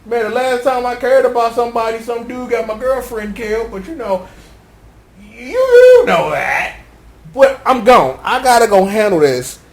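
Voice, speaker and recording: A man giving a comedic, slangy episode recap, joking and animated as he tells the story. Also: extremely high pitch, normal speed. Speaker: show recap commentator.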